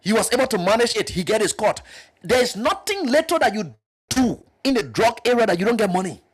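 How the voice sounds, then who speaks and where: A man's voice: a little fast, husky. A man with a Liberian English accent, speaking emphatically as a panelist on a political talk show. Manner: emphatic, animated, jumps up in pitch to press points.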